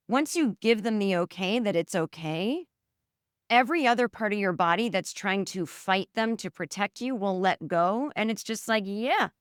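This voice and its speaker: A woman's voice: mid-range voice, clean tone, dry recording, clean studio sound. A woman podcast host giving a chatty, earnest guided self-help talk, coaching listeners through an exercise and talking to herself in the third person.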